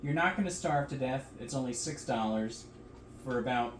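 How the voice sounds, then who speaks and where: A man co-hosting a casual cooking video, making crude deadpan jokes while tasting food in a home kitchen. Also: mid-range voice, moderate pace, heavy background noise. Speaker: cooking show co-host.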